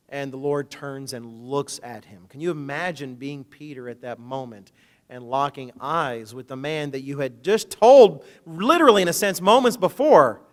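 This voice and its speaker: A man preaching a sermon, reading scripture aloud and commenting in a conversational, joking way. He swings between loud emphatic quotations and low, hushed asides. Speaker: minister.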